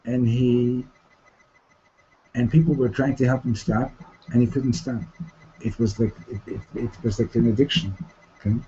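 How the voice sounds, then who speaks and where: A male teacher telling a story to his class, halting, repeating words and often asking "okay?". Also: medium pitch, steady tone, warm tone, lo-fi sound, slight background noise. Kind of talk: storytelling lesson.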